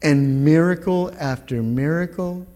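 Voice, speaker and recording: A middle-aged man giving a spoken church testimony, earnest and halting, often repeating his words. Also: fairly high pitch, mellow. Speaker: guest speaker giving a testimony. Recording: long reverb of a large hall.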